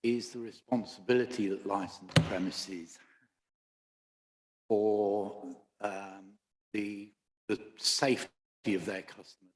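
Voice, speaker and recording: A man speaking as a councillor at a committee meeting, hesitant, with many pauses and restarts. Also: lowish voice, little pitch movement. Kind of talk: halting committee remarks. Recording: hall with long reverb.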